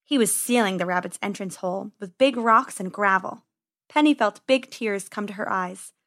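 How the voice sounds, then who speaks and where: A woman narrating a children's storybook in a gentle, expressive read-aloud manner. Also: medium pitch, moderate pace.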